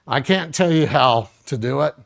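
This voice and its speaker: A middle-aged man with a gravelly, fry-laden voice runs a first aid workshop for a live audience. He keeps it casual and joking, and keeps turning to talk straight to the people in front of him. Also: medium pitch, expressive, moderate pace.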